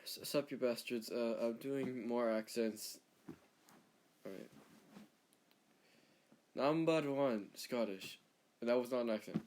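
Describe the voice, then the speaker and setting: A man's voice: mid-range voice, takes it slowly, pauses often, a little mellow. Cheeky casual male video host. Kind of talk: casual comedy monologue.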